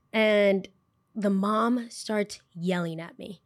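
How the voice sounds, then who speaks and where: A young woman hosting a podcast, telling a story in a chatty, animated way with lots of filler words. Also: medium pitch, moderate pace. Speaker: podcast host. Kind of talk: casual storytime.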